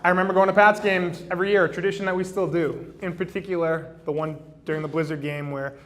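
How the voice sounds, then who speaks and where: A man's voice: sits high, steady tone, fast, fairly bright tone. A man in his thirties giving a best man toast at a wedding reception on a handheld microphone, joking at his own expense and often restarting his sentences. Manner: joking, self-deprecating, with frequent fillers and restarts. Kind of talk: wedding toast to a live crowd. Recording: noisy wedding reception recording.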